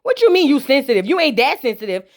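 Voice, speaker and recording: A woman's voice: sits high, very animated, fast. A woman recapping a reality TV episode in casual, sassy commentary, slangy and talking back to the people on screen.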